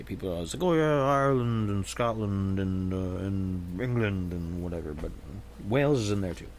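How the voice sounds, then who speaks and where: With a deep voice and a bit of background noise, a man who has a young daughter hosts his own show, chatting alone in a casual, rambling way. He sounds uncertain, hedging often and frequently restarting what he says.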